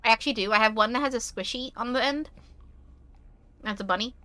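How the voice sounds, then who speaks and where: A woman's voice: fairly high pitch, fast. A young woman streaming a game, reading it aloud with chatty asides. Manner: chatty, animated asides, talks with food in mouth.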